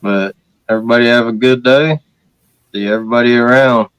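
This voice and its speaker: A man's voice: medium pitch, steady tone, a little fast, fairly bright tone, clean tone, no room sound. A man hosting a casual hangout chat, talking in a laid-back, easygoing way. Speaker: host. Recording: dull, lo-fi and dry.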